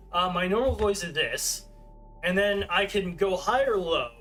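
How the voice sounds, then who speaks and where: On a livestream, a streamer in his thirties chats casually, rambling and putting himself down with plenty of fillers. His voice is high-pitched, bright and pushed, and he keeps a measured pace over soft background music.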